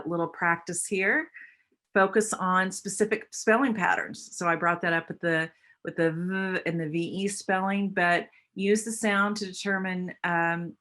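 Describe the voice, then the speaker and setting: A woman with a slightly low voice gives an instructional talk on phonics. She explains patiently and slows down to sound out each phoneme for her listeners. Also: steady tone, fairly bright tone. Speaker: literacy teacher trainer.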